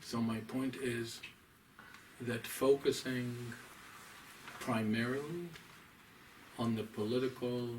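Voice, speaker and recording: Man, rabbi, scholarly lecture, deliberate and emphatic, distant mic, faint room noise. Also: medium pitch, darkish tone. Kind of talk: lecture to a small audience.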